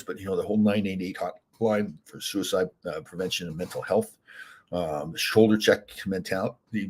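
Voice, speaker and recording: An older man with a husky, slightly low voice talks quickly and loosely as a show host. He rambles from story to story, stumbling over fillers and restarts, and hiccups now and then. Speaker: podcast host, former hockey player. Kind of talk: casual solo talk.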